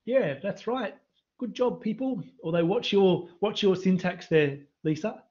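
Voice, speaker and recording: A university maths lecturer runs a live-streamed revision lesson, quizzing students in the chat. His voice is high, expressive and a bit mellow at a measured pace, though the computer mic on the stream makes it sound muffled.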